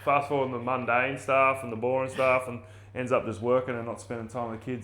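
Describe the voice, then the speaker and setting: Australian male podcast host, middle-aged, bright and excitable, casual chat with swearing. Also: mid-range voice, brisk.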